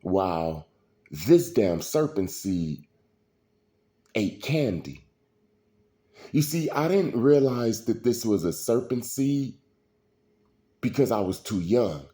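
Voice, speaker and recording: Slow deep-voiced man telling stories. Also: big pitch swings, mellow. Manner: slow, preachy street storytelling. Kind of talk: casual storytelling monologue.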